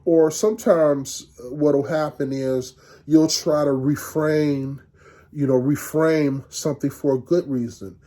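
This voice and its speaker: A middle-aged man giving a university lecture in a conversational, halting way, with frequent restarts and fillers. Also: a little high, steady tone, warm tone.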